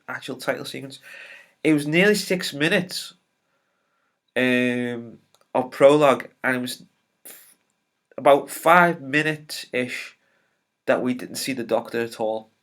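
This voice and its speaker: A man's voice: medium pitch, a bit bright. A man giving a casual spoiler review of a TV episode, rambling and opinionated, with many filler ums and restarts. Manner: opinionated and exasperated.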